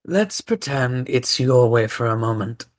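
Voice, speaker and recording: A woman's voice: a bass voice, animated, measured pace, pitched below the performer's own voice. A woman voicing a smug, sly male warlock in an amateur podcast story reading, with a cool, taunting delivery.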